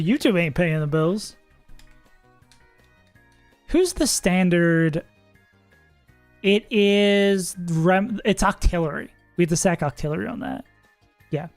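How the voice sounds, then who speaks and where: A streamer with a medium-pitched voice and no echo chats casually while playing a game live. He thinks out loud, laughs a lot, and swears every so often in this relaxed livestream commentary.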